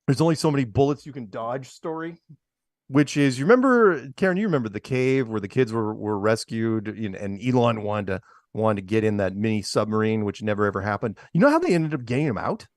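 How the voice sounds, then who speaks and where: A man's voice: medium pitch, big pitch swings, a little fast, no room sound, studio quality. A man co-hosting a talk show, reading news items aloud and mocking them with sarcastic asides. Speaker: podcast co-host. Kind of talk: casual commentary on news clips.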